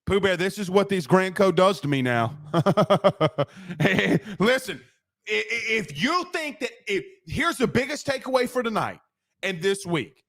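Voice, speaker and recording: A man with a high voice hosts a postgame sports show. He rants in a brash, profane, rapid-fire way, fired up and hammering each point. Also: very animated, a bit bright. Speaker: sports talk show host.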